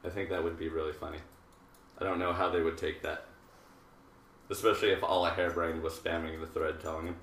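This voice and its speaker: A hairdresser in his thirties hosts a live haircutting stream, rambling between jokes and technique as he works. His voice sits a little low yet sounds bright and forceful. It reaches a distant mic in a roomy space with faint background noise. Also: little pitch movement, a little fast, pauses often. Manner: rambling and jokey, with many fillers and asides. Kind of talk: casual live-stream chat while demonstrating a haircut.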